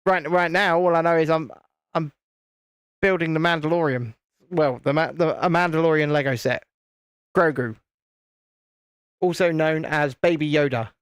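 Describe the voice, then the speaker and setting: A man's voice: a little high, steady tone, normal speed, pauses often, clear, resonant tone, no room sound. A man hosting a live stream, chatting casually in a rambling, self-interrupting way while he builds a set. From United Kingdom.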